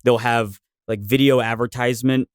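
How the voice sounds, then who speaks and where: A man's voice: mid-range voice, fairly even intonation, moderate pace, no echo, clean studio sound. A man who is a podcast guest, telling a rambling story in casual chat.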